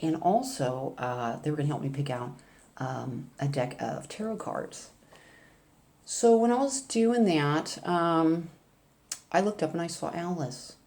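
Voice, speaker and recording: A woman's voice: low voice, lively intonation, measured pace, a little mellow. An older woman vlogging, telling a rambling, chatty story in a casual way. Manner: rambling, chatty, with laughs and asides.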